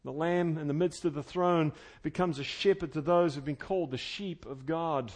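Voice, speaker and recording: A man preaching an expository sermon, earnest and conversational, swinging between loud fervent emphasis and quiet intimate tones. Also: on the high side, normal speed. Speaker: pastor.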